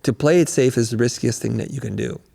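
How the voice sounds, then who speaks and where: A man's voice: medium pitch, quick pace, creaky, in a large hall. A middle-aged man, a guest coach on a podcast, telling stories animatedly and acting out quotes. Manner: animated storyteller, acts out quotes. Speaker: guest, creative business coach. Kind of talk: podcast interview storytelling.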